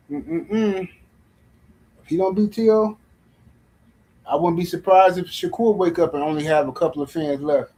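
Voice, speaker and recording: A man ranting in casual livestream commentary about boxing, animated and mocking, with slangy, speech. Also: a little high, low-quality recording. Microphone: livestream mic.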